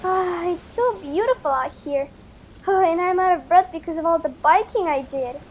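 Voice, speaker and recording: A woman's voice: extremely high pitch, normal speed, a little hiss or hum. A woman voicing a chatty adult woman doll at the beach for a toy play video, talking to herself with little sighs.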